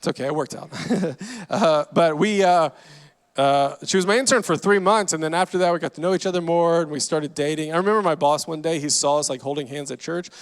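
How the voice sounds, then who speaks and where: A man in his forties from Louisiana, a guest comedian telling self-deprecating stories from a church stage with dry punchlines and quick asides. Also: a little high, clean tone. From Louisiana, USA. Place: large church auditorium. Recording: long hall reverb.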